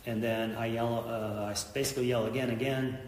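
A man's voice: mid-range voice, level tone, a little fast, darkish tone, reverberant, big-room sound, recorded from a distance, a little hiss or hum. A middle-aged man, a police officer and veteran, telling an intense story in an interview, acting out what people said. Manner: intense retelling, acts out quoted lines.

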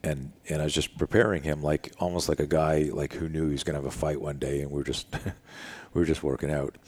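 An older man with an extremely deep, husky voice recounts a story from his years as a self-defense instructor. He talks casually and with energy, acting out what people said. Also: a little fast. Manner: animated, acts out quoted dialogue, casual with frequent "dude" and "like". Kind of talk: storytelling in an interview.

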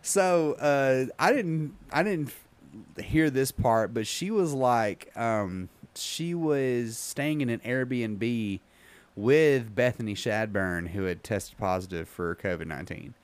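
A man hosting a casual podcast, rambling with many ums and reading an article aloud haltingly. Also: medium pitch, lively intonation, clear, resonant tone. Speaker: podcast host.

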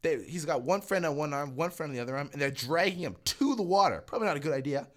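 A man's voice: a little high, animated, fast. A young man from Manitoba, Canada, co-hosting a podcast and telling stories in a casual, profane, rambling way. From Selkirk, Manitoba, Canada. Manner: profane, rambling storyteller with many restarts. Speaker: podcast co-host. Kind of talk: casual chat.

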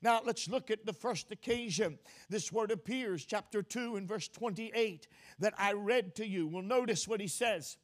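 A man with a notably high voice delivers an expository sermon. He pauses often on "uh" and corrects himself mid-word. He hammers his points home with repeated phrases. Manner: frequent "uh" fillers and self-corrections; emphatic repetition, rising to forceful declarations. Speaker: preacher.

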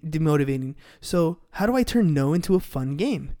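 A man in his thirties, a podcast host and sales coach, chats casually on his business podcast, energetic and motivational, often ending lines with "right?" His fairly high voice is expressive and warm, and he talks quickly.

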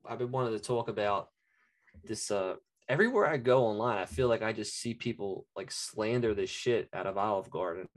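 A man co-hosting a laid-back podcast, with a mid-range voice. He rants in an animated way, full of "like" and casual swearing. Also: on the low side, brisk. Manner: animated, ranting, swears freely. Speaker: podcast co-host. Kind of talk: casual chat.

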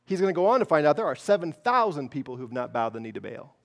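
A male pastor preaching a sermon, telling a story dramatically, swinging from loud to hushed. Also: a little high, sing-song, quick pace, gravelly.

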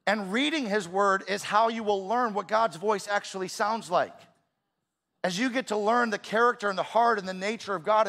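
A middle-aged man preaching a sermon as a pastor, earnest, slowing down to stress key words. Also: high voice, vocal fry, a bit bright.

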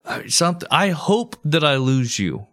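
A man jokes as a podcast co-host, teasing in a deadpan tone while his pitch moves in lively jumps. His delivery is casual and unhurried. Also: dry recording, studio quality. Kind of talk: casual comedic banter.

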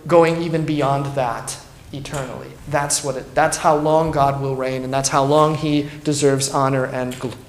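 A man's voice: mid-range voice, little pitch movement, moderate pace, a little hiss or hum. A man, a pastor, teaching a Bible study in an earnest, emphatic way and thinking aloud as he goes. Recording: roomy echo.

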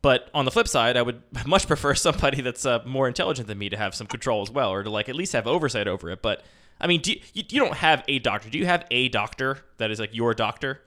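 A man's voice: medium pitch, animated, quick pace, bright, forceful tone. A young man co-hosting a casual chat, rambling and self-mocking with frequent laughs and restarts. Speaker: podcast co-host.

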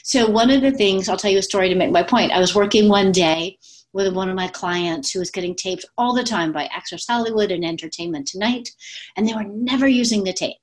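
A woman speaking coach talking casually to her camera at home, with lots of fillers and quick demonstrations of different voices. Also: medium pitch. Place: at home with pets. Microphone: webcam.

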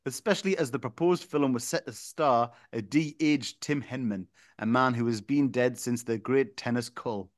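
A man reads a silly story aloud to his co-host. His pitch sits in the middle of the male range and his delivery stays deadpan, slipping into chuckles. The recording is close and completely dry. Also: normal speed, few pauses, dry recording. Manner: deadpan reading, breaking into chuckles. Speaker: podcast co-host reading a listener's story.

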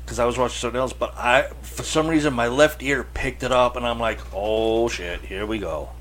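A man's voice: medium pitch, steady tone, fast talker, a bit bright, a little hiss or hum. A man co-hosting a casual chat, telling stories and acting out the reactions he quotes, with swearing. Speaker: podcast co-host. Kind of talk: casual chat about horror films.

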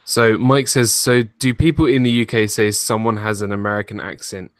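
A man from the UK co-hosts a podcast with easygoing, casual chat, reading chat questions aloud and telling stories with amusement. His voice is lowish and steady, at a moderate pace, recorded dry.

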